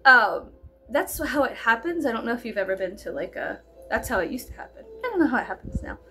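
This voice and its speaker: A woman's voice: fairly high pitch, very animated, fast, sharp tone, faint music behind. A woman in her thirties from South Texas rambling through a casual story with heavy fillers and free swearing. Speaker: storyteller vlogger. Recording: faint background noise.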